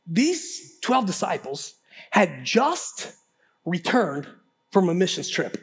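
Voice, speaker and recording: High-voiced male pastor preaching. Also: slightly rough. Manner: conversational and animated, repeats words when excited; talks straight to the congregation. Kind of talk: sermon.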